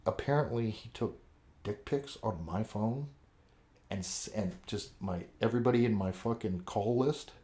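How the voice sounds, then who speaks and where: A man's voice: fairly low pitch, moderate pace. A man, a show regular with kids, telling a rambling, swear-filled story in casual chat and acting out what people said. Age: adult with kids. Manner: profane, animated storyteller, acts out quotes. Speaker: podcast co-host.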